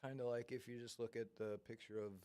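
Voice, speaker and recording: A man's voice: mid-range voice, flat delivery, fast, warm tone, clean tone. A man, a songwriter in a band, talking plainly in a casual interview and swearing casually.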